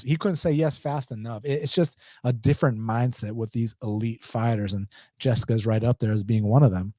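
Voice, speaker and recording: Reading chat questions aloud on his live stream, an Atlanta-accented host fires back blunt, slangy, casual answers. He talks fairly quickly in a mid-range voice with a dark tone, and the studio-quality recording is dry.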